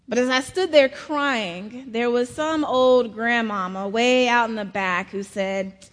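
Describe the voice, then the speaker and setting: A middle-aged woman from South Carolina, preaching a sermon in a slow storytelling manner. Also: a little high, a bit bright, in a large hall. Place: large church.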